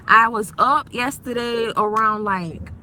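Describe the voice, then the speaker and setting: A woman's voice: on the high side, takes it slowly, pushed and bright. A young woman chatting slangily and boastfully on a casual live phone video. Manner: slangy, chatty, self-hyping. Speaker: live-stream host. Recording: noisy with vehicle sounds behind.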